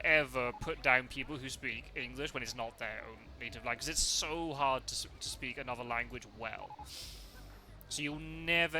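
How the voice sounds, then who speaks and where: A man's voice: medium pitch, pushed and bright, a little hiss or hum. A man chatting casually while he streams a game live, telling rambling stories with frequent laughs and the odd swear word.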